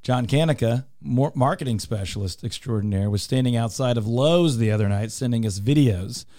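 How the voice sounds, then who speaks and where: A man's voice: mid-range voice, normal speed, dark tone, dry recording. A man hosting a radio show in a studio, talking in an upbeat, teasing, salesy way. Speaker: radio show host and real estate team leader. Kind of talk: casual radio talk.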